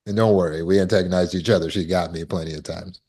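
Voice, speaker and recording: A man's voice: low voice, steady tone, fast, a little mellow, husky. A man coaching on trauma recovery in a casual talk, telling stories and acting out quoted people with big jumps in his voice.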